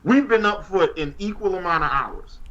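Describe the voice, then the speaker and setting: A man co-hosting a casual livestream talk show, telling stories in an animated way and laughing at his own jokes. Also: high-pitched, normal speed, dull audio. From New Orleans, Louisiana. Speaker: podcast co-host.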